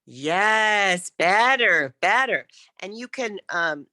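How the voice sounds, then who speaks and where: A woman coaching speakers in an online workshop, encouraging them and demonstrating how to end sentences with a falling pitch. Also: animated, very slow, bright, forceful tone, dry recording.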